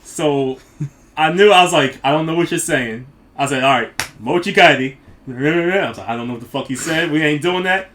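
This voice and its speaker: A man's voice: on the high side, normal speed, a bit bright, slight background noise. A man co-hosting a casual podcast, laughing often as he tells a story and mimics the people in it. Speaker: podcast co-host.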